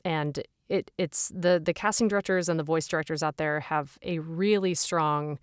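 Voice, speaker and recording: Woman voice actor chatting on a podcast, slightly low voice, laughs a lot, dry sound. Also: moderate pace, clear, resonant tone, no echo. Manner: chatty, laughs often, animated. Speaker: professional voice actor, podcast guest. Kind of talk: casual interview chat.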